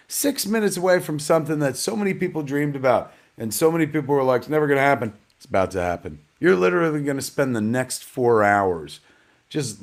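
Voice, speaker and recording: A middle-aged man hosting a live online premiere show, rambling casually and poking fun at himself, dropping "man" and "kids" as he talks. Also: medium pitch. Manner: chatty, rambling, self-deprecating, peppered with "man" and "kids". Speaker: host.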